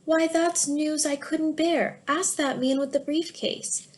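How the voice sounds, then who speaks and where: A woman's voice: high voice, fairly even intonation, takes it slowly, voice pushed up. A woman voicing an eager male companion who speaks in an insistent, encouraging way. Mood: urgent.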